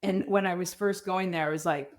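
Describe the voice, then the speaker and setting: A middle-aged woman, a podcast guest, telling her story candidly in an animated, emphatic way. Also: on the low side, brisk. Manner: animated, emphatic, acts out quoted people.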